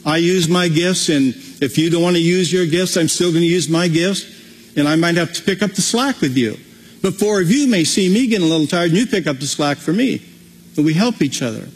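A man's voice: on the high side, animated, brisk, breathy edge. A man preaching a conversational sermon as pastor, with frequent restarts. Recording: long hall reverb.

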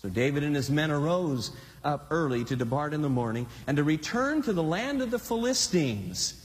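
A male pastor preaches with lively, swooping delivery at a moderate pace, his voice high for a man. He addresses the congregation casually, then drops low for emphasis, and each phrase trails off in long reverb. His style is animated, conversational and full of dramatic swings.

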